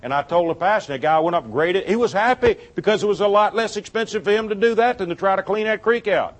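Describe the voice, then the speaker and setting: A man with a notably high voice tells a church story as part of a sermon. He is a folksy, animated storyteller who chuckles often. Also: quick pace. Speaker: church speaker on giving.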